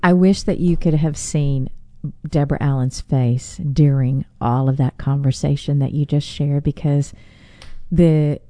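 A woman interviewing a guest, asking halting questions and reacting with short remarks. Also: sits low, steady tone, warm tone, no echo. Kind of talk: conversational interview.

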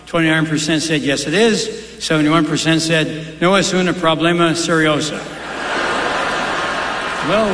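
Echoey stand-up comic in a big hall. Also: male voice, a little high. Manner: punchy one-liners, chatty with the crowd. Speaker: stand-up comedian. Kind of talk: stand-up comedy set. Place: large live venue. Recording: echoey live hall with crowd noise.

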